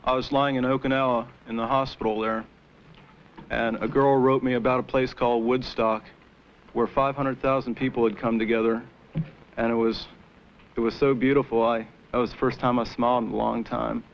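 A young war veteran speaking haltingly at a panel, pausing with many 'uh's. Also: male voice, mid-range voice, level tone, vocal fry. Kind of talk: testimony at a panel. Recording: dull old archive recording with faint noise.

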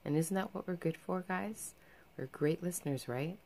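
A woman's voice: on the low side, normal speed, vocal fry, darkish tone, a little hiss or hum. A young adult woman telling a personal story in a casual vlog, chatty and earnest, full of fillers. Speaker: vlogger.

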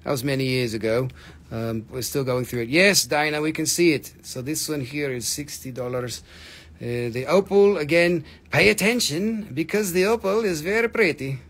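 Excited man selling minerals live. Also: on the high side, moderate pace. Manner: animated, reads chat comments aloud, bursts into excited shouts. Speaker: live-stream mineral seller. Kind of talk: live-stream sales chat.

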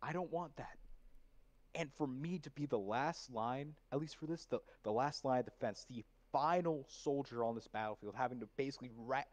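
A man's voice: mid-range voice, normal speed, a little mellow. A man being coached as a voice actor, thoughtfully explaining how he approached a scene. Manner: thoughtful, explaining his process at length. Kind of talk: reflective conversation.

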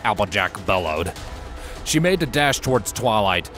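Low-voiced man narrating a story. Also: very animated, normal speed, fairly bright tone, soft background music. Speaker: fanfiction reader. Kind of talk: audiobook narration.

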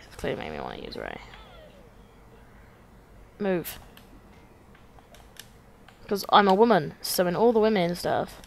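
Excitable swearing woman gamer. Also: mid-range voice, vocal fry. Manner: excitable, swears a lot, talks to the game characters. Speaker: let's play host. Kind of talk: casual gameplay commentary.

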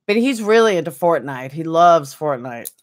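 A woman's voice: sits low, animated, normal speed. A woman streaming a game, chatting casually and answering viewers by name. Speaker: game streamer reading chat. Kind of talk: casual chat while gaming.

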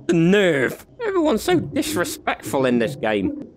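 A man's voice: high-pitched, huge pitch swings, unhurried, a crowd in the background. A young man giving crude, joking commentary while playing a VR horror game. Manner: joking, crude banter, frequent laughs. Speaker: gaming video host. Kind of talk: comic let's-play commentary.

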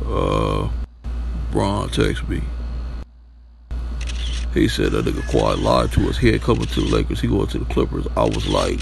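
A man's voice: very deep voice, big pitch swings, a little slow, creaky, pauses often, noisy background. A man doing crude, rambling comedy voice-overs over basketball clips. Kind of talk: comic voice-over dubbing.

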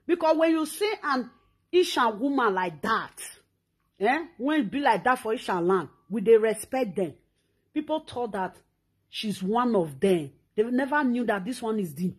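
Brief: Nigerian woman host, scolding rant, high and husky voice. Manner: scolding, ranting, insulting. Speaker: talk show host. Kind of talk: social media rant.

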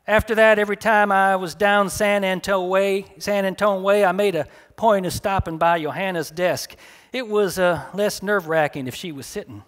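A man reading his own fiction aloud at a live café event. His voice sits high for a man, and he tells the first-person story in a dry, wry manner. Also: moderate pace, fairly bright tone.

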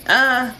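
Excitable, foul-mouthed woman gamer. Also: sits high, very noisy. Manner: profane, excitable. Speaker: streamer. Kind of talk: gameplay commentary.

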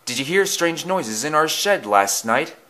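A man's voice: fairly high pitch, lively intonation, unhurried, pushed and bright, pitched above the performer's own voice. A man voicing a cheeky young male tank engine in a storybook.

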